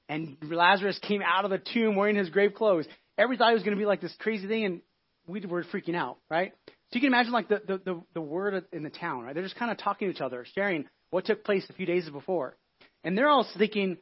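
A man preaching a casual, conversational sermon as a pastor, telling the story in an animated way with many restarts and asides. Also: sits high, quick pace, muffled recording. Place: church.

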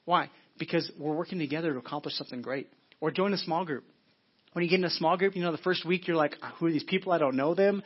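A man's voice: fairly high pitch, quick pace, breathy edge, dull audio. A male pastor preaching a sermon in an earnest, conversational way, repeating phrases and restarting often.

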